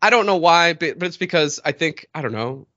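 Bright-voiced rambling man. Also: on the high side, expressive, a little fast. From Boston area, New England. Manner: rambling, many fillers and restarts. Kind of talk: casual chat. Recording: slightly dull lo-fi sound.

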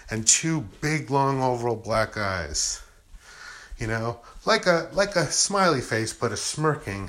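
A man's voice: medium pitch, fairly bright tone. A man in a casual, rambling spiritual monologue, acting out imagined objections and answering them with "you know" and "I'm like".

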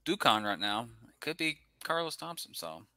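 A young man chats on a sports podcast in a loose, rambling way, trailing off into asides and laughing at himself. His voice is very bright and smooth. The sound is dry and close-miked. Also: medium pitch, big pitch swings, no room sound. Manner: rambling, chuckling, quick asides. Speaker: podcast co-host. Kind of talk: casual sports podcast chat.

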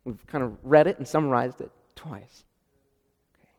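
A man preaching a sermon, animated and acting out the dialogue with sudden jumps in pitch and loudness. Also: normal speed. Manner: animated, acts out the dialogue with rising pitch and volume. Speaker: pastor. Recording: long reverb of a hall.

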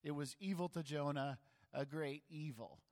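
A man's voice: on the high side, moderate pace, a little mellow. A man preaching a sermon, reading scripture aloud and then explaining it with dramatic emphasis. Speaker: pastor. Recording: long hall reverb.

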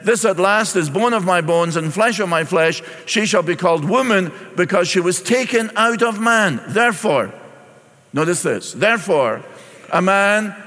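Higher-voiced pastor preaching. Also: male voice, animated, normal speed, sharp tone. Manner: expository preaching, reading scripture aloud and explaining it. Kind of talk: sermon. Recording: long reverb in a large hall.

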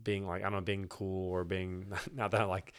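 A young man from Texas with a very deep voice talks about prayer in a loose, rambling way. He restarts sentences often and laughs between thoughts. It sounds like an unhurried conversation at a table. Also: level tone, clear, resonant tone. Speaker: podcast guest, church elder candidate. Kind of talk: casual faith conversation. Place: indoor room with host.

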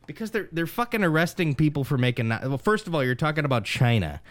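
A man's voice: on the high side, sing-song, fast, dry recording. A man co-hosting a podcast, ranting with lots of swearing in casual banter. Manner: profane, exasperated ranting. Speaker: podcast co-host.

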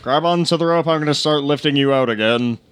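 A man's voice: fairly high pitch, quick pace, a bit bright, clean tone, lightly acted. A man voicing a blunt, loyal lizardfolk adventurer in a tabletop game, matter-of-fact in tone. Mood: plain.

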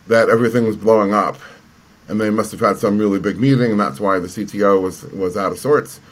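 Husky-voiced man telling a story. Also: on the low side. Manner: rambling, frequent restarts and fillers. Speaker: entrepreneur guest. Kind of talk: conversational storytelling.

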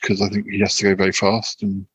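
A man's voice: fairly low pitch, completely flat delivery, quick pace, slight background noise, poor audio. A man hosting a podcast, reading out film quiz questions in a casual, hesitant way. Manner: hesitant, lots of ums and restarts. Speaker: podcast host.

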